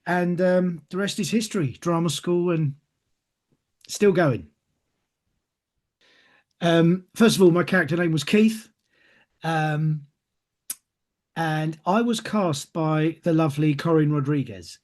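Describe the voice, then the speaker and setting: A man's voice: on the high side, slow, pauses often, darkish tone. A middle-aged man, chatting in an interview and telling stories, acting out other people's voices as he goes. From England. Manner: chatty storyteller, acts out voices in anecdotes. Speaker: actor being interviewed. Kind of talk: casual interview answers.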